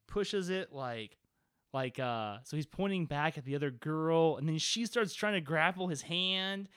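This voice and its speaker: A man's voice: fairly high pitch, a bit bright, clean tone, no room sound, clean studio sound. A man who is a game master, recounting a tabletop session in casual podcast chat, rambling with lots of "like" fillers and swearing. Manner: rambling, profane, full of "like" fillers.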